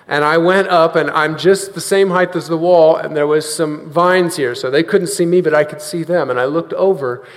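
High-pitched guy preaching a sermon, getting the crowd to say lines back, big echoey church. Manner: earnest, leads the congregation in repeating lines.

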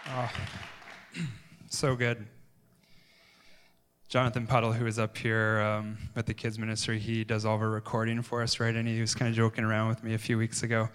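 A male pastor speaks to his congregation in a level, flat voice. He is emotional and rambles, often breaking off and starting his sentences again. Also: on the low side, normal speed, pauses often, clean tone. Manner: emotional, rambling, stops and restarts phrases. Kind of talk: sermon-style address. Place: church sanctuary.

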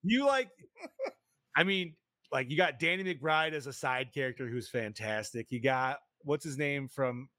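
Excitable swearing man hosting a podcast. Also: medium pitch, measured pace, no room sound, studio quality. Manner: excitable, swears often, says dude a lot. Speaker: podcast host. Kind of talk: casual movie-review podcast chat.

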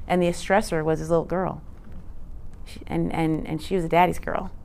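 A woman's voice: low voice, flat delivery, moderate pace, vocal fry, darkish tone, slight background noise. A woman presenting a teaching talk in an earnest, conversational way, often asking rhetorical questions. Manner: conversational, frequent rhetorical "right?"; earnest, emphatic.

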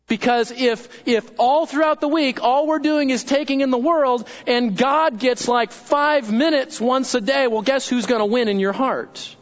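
A man's voice: very high-pitched, normal speed, few pauses, lo-fi sound. A pastor delivering a sermon, emphatic and repeating key phrases as he quotes scripture.

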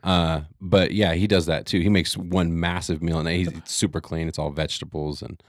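Man, very deep voice, podcast co-host, casual studio chat, dry close sound. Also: level tone, moderate pace, dry recording. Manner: laughs often, asks curious questions.

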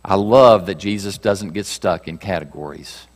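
A man preaching a sermon, reading scripture aloud and moving between raised passages and hushed ones. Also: low-pitched, moderate pace. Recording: reverberant hall.

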